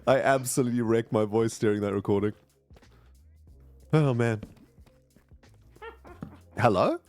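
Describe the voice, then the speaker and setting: A man streaming a video game live, chatting casually and greeting viewers with bursts of excitement. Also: medium pitch, unhurried, no echo, faint music behind. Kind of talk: casual live gameplay chat.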